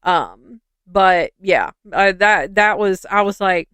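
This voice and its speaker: Woman, podcast co-host, skeptical, rambling, clear voice, dry close mic. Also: mid-range voice, slow, dry recording. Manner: skeptical, chatty, animated rambling. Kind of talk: casual podcast chat and story reading.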